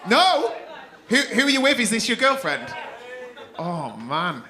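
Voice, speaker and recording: High-pitched guy doing crowd work at a comedy club, sweary teasing, crowd laughing loud behind him. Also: wildly swooping pitch. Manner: teasing, sweary, quick-fire banter. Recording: live club recording with crowd noise. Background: audience laughing.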